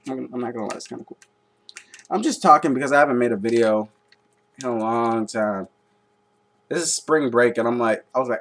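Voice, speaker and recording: A man's voice: medium pitch, brisk, pauses often. A young man rambling and joking in a casual vlog. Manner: goofy, joking, rambling asides. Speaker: vlogger.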